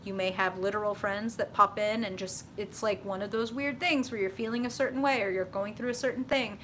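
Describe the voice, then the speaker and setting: A middle-aged tarot reader on a live stream talks casually and animatedly in a mid-range voice at a fairly quick pace. She swears freely and laughs often, with slight background noise in the recording.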